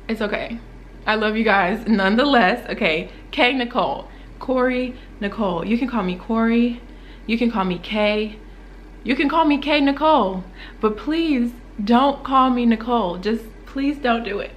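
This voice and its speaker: A young woman with an excited casual unboxing vlog, gasping and exclaiming as she opens packages. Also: measured pace, slight background noise. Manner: gasping, exclaiming, swooping up high when thrilled. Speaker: beauty vlogger unboxing small-business packages.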